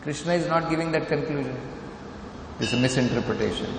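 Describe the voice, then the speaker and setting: A man's voice: fairly high pitch, fairly quick. Emphatic Indian man preaching in an echoey hall. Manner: emphatic, asks rhetorical questions and repeats points. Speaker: lecturer of scripture. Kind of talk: sermon. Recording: echoey hall with faint noise.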